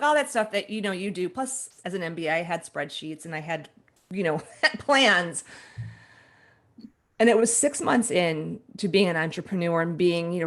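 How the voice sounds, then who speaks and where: Her voice fairly low in pitch, a guest author in her forties tells a story about herself in an interview. She's lively and laughs as she reenacts what went through her head back then.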